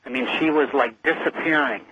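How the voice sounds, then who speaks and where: A man's voice: mid-range voice, a little fast, noisy background. Earnest man on a muffled phone line. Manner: earnest, vivid storytelling. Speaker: guest. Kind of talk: phone-in radio interview. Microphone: telephone.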